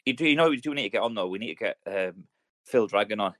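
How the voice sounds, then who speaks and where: His voice is on the low side, with lively intonation and a fairly bright tone, in a dry recording. He's a man in his thirties from the United Kingdom, co-hosting a podcast and rapidly rambling through slang-heavy stories full of swearing and military jargon in casual conversation.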